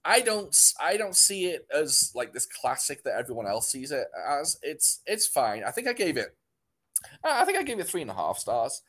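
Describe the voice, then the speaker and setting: A man's voice: fairly high pitch, wildly swooping pitch, moderate pace, fairly bright tone. A British man chatting casually as a podcast co-host, rambling with restarts and easy laughs. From Britain. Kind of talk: casual chat.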